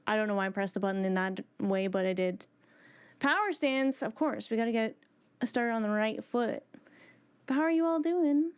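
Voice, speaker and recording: A woman's voice: on the high side, normal speed, smooth. A woman live streaming from home on a desk microphone, chatting casually with her viewers and greeting them one by one.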